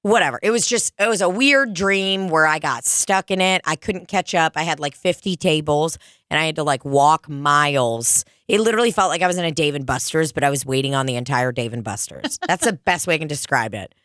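Low-voiced woman, profane storyteller. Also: expressive, fairly quick, fairly bright tone, no echo, studio quality. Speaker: podcast host. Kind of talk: casual chat.

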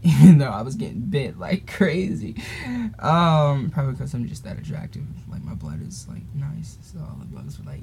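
A man's voice: medium pitch, big pitch swings, normal speed, creaky, a little mellow, a little hiss or hum. A teenage boy casually telling a rambling story on a podcast, laughing often and drifting off topic. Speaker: podcast host.

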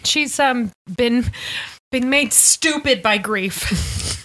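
A woman's voice: on the high side, drawn-out words, fairly bright tone. A woman co-hosting a podcast in casual chat, joking, swearing freely and laughing often. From Irish heritage. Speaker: podcast co-host.

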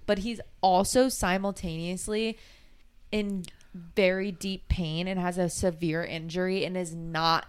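A woman's voice: lowish voice, little pitch movement, a little slow, clean tone. A woman co-hosting a casual podcast, chiming in with reactions and adding details to the story. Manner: reactive, chiming in with short comments. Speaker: podcast co-host. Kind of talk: casual chat.

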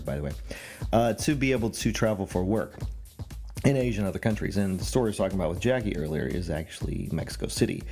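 Man, very low voice, rambling podcast host, teasing and loose, faint music under it. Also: warm tone. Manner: joking, teasing, rambling with fillers. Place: Pacific Northwest, rural mountains.

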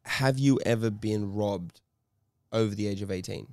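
A man's voice: on the low side, normal speed, a little mellow, no room sound. Man, teasing, giggly, dry close mic. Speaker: podcast co-host. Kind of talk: casual comedy chat.

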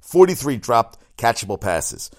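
On his solo sports podcast, a man with a mid-range voice talks unhurriedly yet excitably, rambling along. He drops crude asides and corrects himself often.

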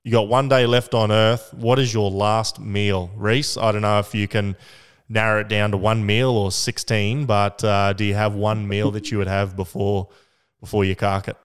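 A man's voice: on the low side, level tone, normal speed, smooth, long reverb tail. A man hosting a casual sports podcast, laid-back and teasing as he leads the questions. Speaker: podcast host.

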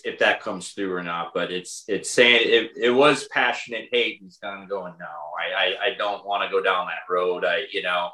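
A man's voice: low voice, bright, forceful tone, roomy sound, poor audio. A man in a casual conversation about his album, talking his songs through with many restarts and fillers. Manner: hesitant, full of restarts and fillers. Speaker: songwriter and bandleader.

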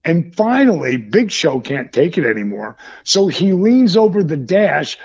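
A man's voice: fairly high pitch, big pitch swings, measured pace, darkish tone, breathy edge, dull audio. A man, a former wrestler, telling a profane story in a podcast interview with a lot of animation. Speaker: retired wrestler and yoga program founder.

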